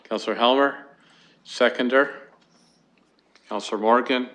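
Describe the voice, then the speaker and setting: A man's voice: medium pitch, fairly even intonation, a little slow, a bit bright. A man chairing a council committee meeting, speaking hesitantly with fillers into a desk microphone in a council chamber.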